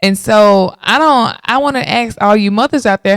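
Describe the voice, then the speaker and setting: A lively woman in her late thirties tells a personal story on her podcast and keeps turning to her listeners with "y'all." Her voice is smooth and clear. The sound is dry and close, with no room around it. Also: medium pitch, normal speed, no room sound. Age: 30s. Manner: animated, talks straight to listeners with y'all. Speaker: podcast host.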